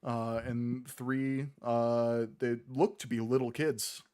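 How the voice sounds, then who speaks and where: A man narrating as game master of a tabletop game, relaxed, with many ums and uhs. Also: mid-range voice, slow pace, smooth.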